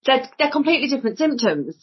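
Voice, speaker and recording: A blunt woman with a Northern English accent and a fairly high, husky voice. She speaks emphatically and swears freely as a podcast guest. The audio is dull and lo-fi. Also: big pitch swings, fast talker. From Northern England. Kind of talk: casual podcast conversation.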